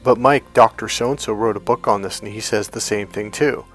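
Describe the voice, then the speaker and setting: A man's voice: lowish voice, steady tone, normal speed, a bit bright, soft background music. A middle-aged man, a dating coach, telling stories in casual monologue, acting out the people he quotes and swearing freely.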